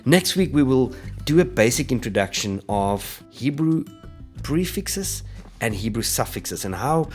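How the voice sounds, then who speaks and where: A man teaching an online language lesson, patiently explaining and slowly repeating example words. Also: mid-range voice, sing-song, darkish tone, faint music behind. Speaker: Hebrew teacher.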